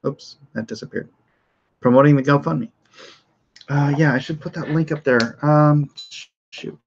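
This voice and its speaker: A man's voice: fairly high pitch, measured pace. A middle-aged man hosting a casual livestream, rambling with fillers and restarts and reading news aloud, his voice slightly off. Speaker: host of a livestream show. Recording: dull lo-fi stream audio.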